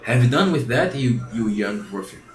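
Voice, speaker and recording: A man doing a hoarse scolding crab. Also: medium pitch, animated, moderate pace, close to an everyday voice. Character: hoarse old male crab, scolding and preachy. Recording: roomy echo, faint background hiss.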